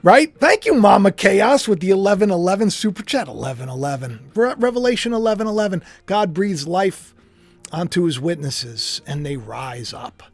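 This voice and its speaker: A man's voice: high voice, lively intonation, moderate pace, soft background music. A man hosting his own channel, talking to viewers in a rambling, conversational way, full of restarts and asides. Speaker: host. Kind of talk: casual speculative monologue.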